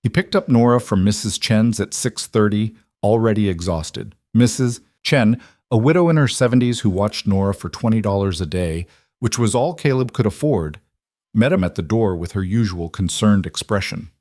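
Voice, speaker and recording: Male narrator, low voice, steady scripted storytelling, dry close read. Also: moderate pace, no echo.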